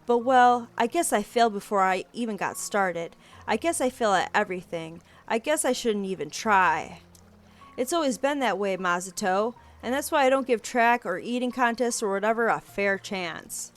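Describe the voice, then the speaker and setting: A woman's voice: mid-range voice, animated, normal speed, soft background music, close to an everyday voice. Woman voicing a frustrated seventeen-year-old assistant.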